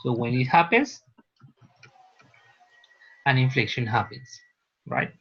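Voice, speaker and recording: A man's voice: medium pitch, expressive, slow pace, a bit bright, breathy edge, muffled recording. A man, a teacher giving a university lecture, explaining patiently and often checking that students follow. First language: Spanish.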